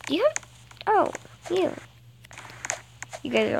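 A woman giving excitable, dramatic let's-play commentary to her viewers, recorded on a phone. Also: high-pitched, takes it slowly, gravelly, pauses often, slight background noise, rough recording. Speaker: gaming channel host. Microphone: phone screen recording.

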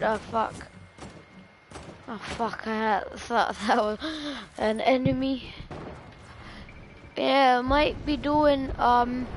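A woman giving gameplay commentary, full of profane, excitable trash talk. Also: sits high. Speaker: gamer. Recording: noisy game audio behind. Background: game sounds and gunfire.

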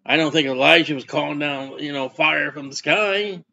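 A man's voice: a little high, moderate pace, gravelly, sharp tone, muffled recording. A man preaching a sermon as pastor, folksy and conversational, often putting questions to his congregation.

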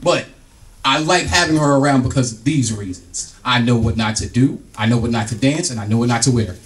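A middle-aged man doing a stand-up comedy set on a club stage, loud and profane, acting out scenes from home. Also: mid-range voice, brisk, far from the mic. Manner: loud, animated, profane, acts out family bits.

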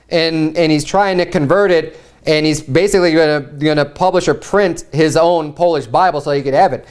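A man preaching a sermon in a church in a conversational way, often restarting and repeating words. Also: sits high.

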